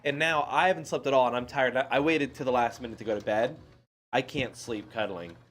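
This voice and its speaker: A man's voice: medium pitch, fairly quick, fairly bright tone, a little hiss or hum. A man in casual chat, telling a long rambling story with frequent laughs and restarts.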